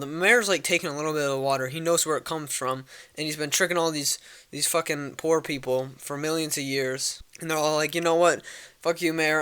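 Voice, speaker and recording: A man's voice: on the high side, bright, forceful tone, clean tone. A young man casually recapping a movie plot, rambling with lots of fillers and swearing. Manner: rambling, filler-heavy and profane. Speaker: vlogger.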